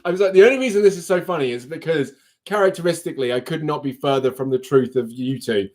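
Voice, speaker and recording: A man's voice: a little high, fast talker, a little mellow. A man hosting a live stream, chatting casually in a giggly, rambling way. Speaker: livestream host. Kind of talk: casual chat.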